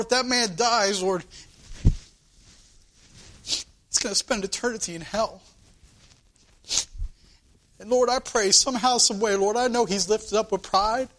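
High-voiced preacher in fervent prayer. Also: male voice, a bit bright. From United States. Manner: repetitive, calling "Lord" and "dear God" between phrases. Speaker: pastor. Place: church sanctuary.

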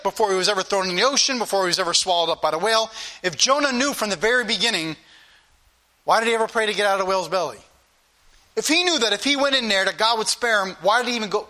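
With a high, bright, ringing voice, a male preacher delivers an emphatic sermon and speaks directly to the congregation. He repeats key phrases for weight, and his tone stays forceful from line to line.

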